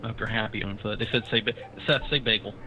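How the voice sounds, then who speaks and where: A man's voice: on the low side, steady tone, quick pace, pushed and bright, a little hiss or hum, low-quality recording. A man from South Carolina with a Southern accent, chatting and teasing as a guest on a stream. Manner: playful, teasing, repeats words for fun. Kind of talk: casual chat.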